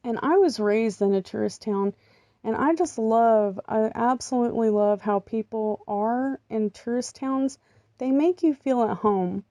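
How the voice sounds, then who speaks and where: A woman's voice: fairly high pitch, a little slow, dark tone, dry recording, clean studio sound. A middle-aged American woman talking casually in a vlog, rambling and chatty with lots of ums and little laughs. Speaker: vlogger. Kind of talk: casual chat.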